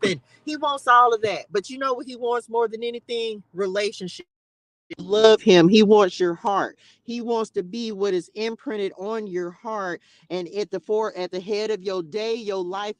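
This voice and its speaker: A woman with a voice on the high side hosts a live stream from inside her car, speaking casually about faith with fervent, repetitive encouragement and occasional bursts of laughter. The device mic captures no room sound, but the recording is rough.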